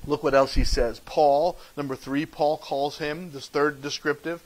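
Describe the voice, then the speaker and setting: Male pastor, fairly high voice, emphatic sermon delivery that repeats key phrases and drops from loud to soft. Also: fairly even intonation, unhurried, poor audio. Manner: emphatic preaching that swings between loud and soft.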